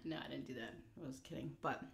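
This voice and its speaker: A woman's voice: very deep voice, fast, creaky. A woman vlogger telling a story while eating, candid and blunt, rambling with fillers. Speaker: mukbang vlogger.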